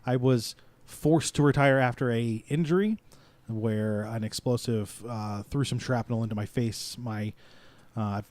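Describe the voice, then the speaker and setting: A man in a tabletop game casually introducing his character, relaxed with some fillers. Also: medium pitch, unhurried, no echo. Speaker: tabletop player.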